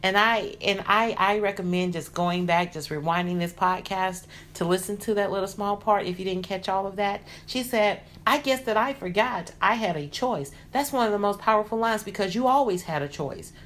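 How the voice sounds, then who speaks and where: A woman hosting a motivational podcast, talking in an earnest, encouraging way that grows lively when she gets excited. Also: medium pitch, normal speed, few pauses, a little hiss or hum. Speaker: podcast host.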